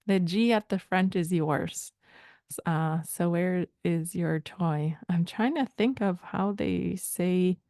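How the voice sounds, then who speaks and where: A woman from Rama First Nation in Canada explaining language points in a thoughtful, hesitant way, often pausing to search for words. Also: lowish voice, dark tone, no echo. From Rama First Nation, Ontario, Canada. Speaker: language teacher.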